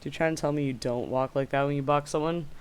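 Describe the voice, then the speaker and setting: A game streamer giving casual live commentary, swearing often, yelling at enemies and chatting with viewers. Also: mid-range voice, fairly even intonation, fast talker, smooth, dry recording.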